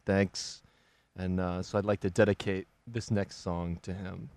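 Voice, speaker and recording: Brief: male host, lowish voice, exasperated and profane, dry close mic. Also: little pitch movement, measured pace, a little mellow, dry recording. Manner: exasperated and swearing. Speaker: radio host. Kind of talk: casual profane radio chat.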